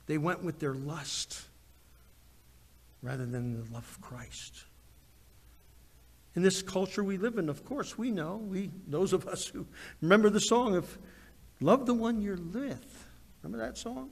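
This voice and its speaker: High-voiced preaching man in an echoing hall. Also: measured pace, breathy edge. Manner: animated preaching, swings from loud to hushed. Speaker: pastor. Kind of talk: sermon.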